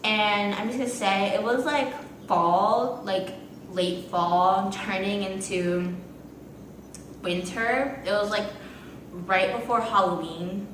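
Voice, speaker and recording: A young adult woman telling a casual storytime to the camera, chatty and animated with lots of fillers. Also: mid-range voice, takes it slowly, distant mic, noisy background. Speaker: vlogger. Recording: echoey room from off-mic.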